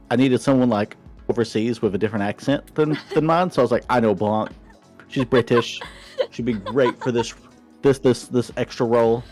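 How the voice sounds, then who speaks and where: A man's voice: mid-range voice, darkish tone. A man co-hosting a streamed chat podcast, jokey and chatty. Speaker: podcast co-host.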